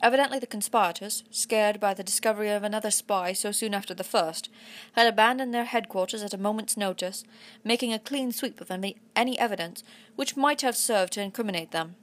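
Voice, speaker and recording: A woman narrating a children's adventure story aloud in a put-on English accent, with a steady storytelling delivery. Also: mid-range voice, a little fast, hardly any pauses. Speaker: audiobook reader.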